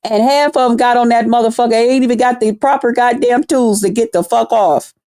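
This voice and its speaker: A fairly high-pitched woman talks to her viewers in a loose, animated vlog. Her storytelling is blunt and packed with cursing. The sound is close and dry, with little room to it. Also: a little fast, no room sound. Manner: laughs at her own jokes. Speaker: vlogger. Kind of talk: casual profane storytelling chat.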